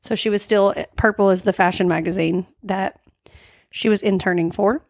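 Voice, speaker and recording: A woman's voice: medium pitch, steady tone, normal speed, darkish tone. Chatty woman retelling a story. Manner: chatty storytelling, acts out quoted lines, many "like" fillers. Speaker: podcast co-host. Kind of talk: casual true-crime chat.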